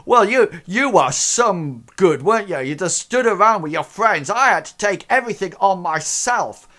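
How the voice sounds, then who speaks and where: A man voicing a boastful, sneering male gamer who taunts loudly. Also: lively intonation, moderate pace. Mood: gloating. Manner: taunting, shrill and loud.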